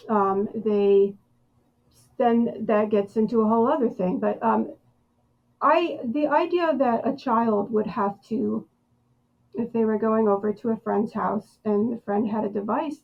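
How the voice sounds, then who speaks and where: Slow, thoughtful woman podcast host. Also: fairly high pitch, dull audio. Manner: slow, thoughtful, with many pauses and fillers. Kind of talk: conversational podcast interview.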